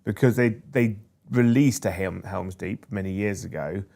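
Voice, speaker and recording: A man co-hosts a casual podcast chat with a fairly low voice. He tells nostalgic stories with eager enthusiasm. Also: moderate pace, vocal fry, dark tone. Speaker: co-host.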